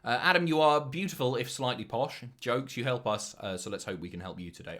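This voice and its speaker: His medium-pitched voice sounds pushed and bright as the young Southern English man goes through donation messages on a live stream. He keeps it casual, sweary and jokey, with quick asides thrown in.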